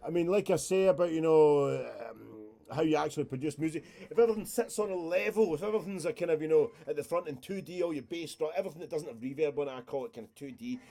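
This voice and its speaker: A man's voice: a little high, fast talker, few pauses, mellow. A man, casually walking through a music production session on a live stream, chatty and rambling with the odd swear word.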